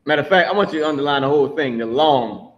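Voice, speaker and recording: Man, class teacher, blunt, emphatic, profane, slightly high voice. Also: fast, dull audio.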